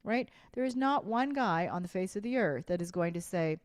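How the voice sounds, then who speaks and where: A woman's voice: fairly low pitch, expressive, normal speed, dry recording, studio quality. A woman hosting a live online sales coaching session, speaking emphatically, repeating slogans and asking viewers to respond in chat. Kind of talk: live-streamed coaching talk.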